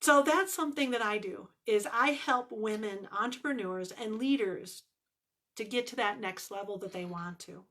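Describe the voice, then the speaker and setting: Bright-voiced, earnest woman life coach. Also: medium pitch, moderate pace. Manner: earnest, emphatic, repeats phrases for emphasis. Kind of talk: direct-to-camera vlog talk.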